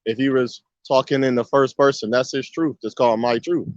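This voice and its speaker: A man's voice: medium pitch, steady tone, fairly quick, dry recording. A man giving a casual spoken monologue, emphatic and repetitive, driving his points home with rhetorical questions. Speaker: video commentator. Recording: dull, muffled dry recording.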